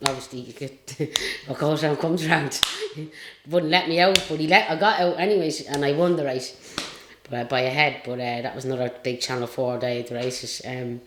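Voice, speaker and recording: A woman's voice: a bass voice, fairly even intonation, normal speed, background noise. An Irish woman and retired jockey telling stories in a casual interview, rambling and chatty with lots of fillers. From Ireland. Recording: roomy echo.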